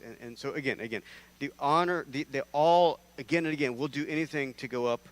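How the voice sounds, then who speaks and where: A man from North Carolina, preaching a conversational sermon in a church, lively and prone to restarting his sentences. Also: medium pitch, fairly quick. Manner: animated, conversational, with repeated restarts.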